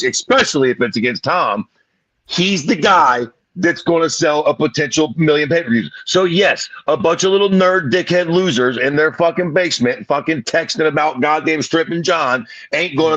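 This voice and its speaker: A man's voice: a little high, a bit bright, no echo, dull audio. A man co-hosting a sports podcast, ranting emphatically and cursing freely in casual chat. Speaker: podcast co-host.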